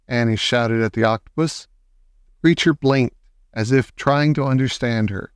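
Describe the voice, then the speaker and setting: A man reading a children's book aloud in a slow, expressive storytelling manner. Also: medium pitch, clear, resonant tone, dry recording, studio quality. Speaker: audiobook reader.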